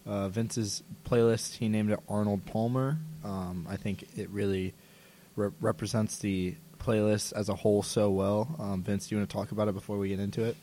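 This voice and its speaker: Young male radio co-host, low and mellow. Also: little pitch movement, moderate pace, few pauses, slight background noise. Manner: easygoing, many fillers. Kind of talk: casual radio chat.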